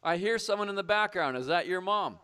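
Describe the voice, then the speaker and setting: A sharp, clear, resonant voice that sits high, with lively intonation, belongs to a man running a comedic call-in show. In character as a patriotic trucker, he's blustering, bombastic and eager to argue with whoever calls.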